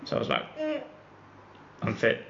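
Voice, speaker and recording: A man's voice: normal speed, a bit bright, a little hiss or hum. A man from the Netherlands co-hosting a podcast, talking in a laid-back casual way and swearing now and then. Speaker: podcast co-host. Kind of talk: casual chat. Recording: dull echoey room recording.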